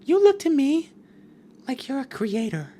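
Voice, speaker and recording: A man voicing an earnest, soft-spoken woman counselor who flatters gently. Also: very high voice, unhurried, slight background noise, pitched above the performer's own voice, heavily acted.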